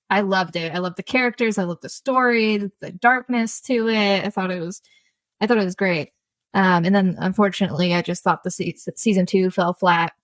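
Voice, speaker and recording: A woman's voice: medium pitch, dry recording. A woman co-hosting a podcast in casual chat, talkative and laughing often, drifting into tangents. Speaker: podcast co-host.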